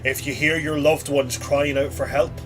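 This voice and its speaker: Animated man running a tabletop game. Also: fairly high pitch, normal speed, faint music behind. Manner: animated, swears, stammers when excited. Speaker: game master.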